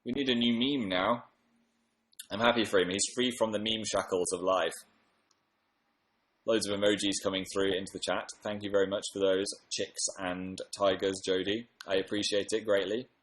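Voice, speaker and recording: A man's voice: fairly low pitch, level tone, moderate pace, fairly bright tone, reverberant, rough recording. A man hosting a casual livestream from a room at home, tired after a late night, chatting and reading out comments with upbeat bursts. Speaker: livestream host.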